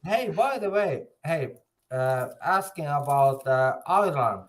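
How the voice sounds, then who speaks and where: Slow, halting man in casual chat. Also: a little high, lively intonation. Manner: halting, many filler sounds, jokey.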